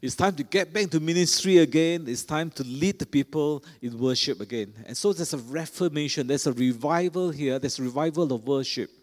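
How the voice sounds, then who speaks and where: A man preaching a sermon in a cathedral, earnest, often pausing with fillers and restarting his phrases. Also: on the high side, a little mellow. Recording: long hall reverb.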